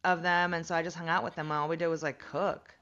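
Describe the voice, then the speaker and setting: Woman guest rambling thru a story, bright sharp voice, sits kinda low, muffled lo-fi sound. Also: quick pace. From United States. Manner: animated, chatty, full of "like" and acted-out quotes. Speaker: podcast guest, comedian. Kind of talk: casual storytelling chat.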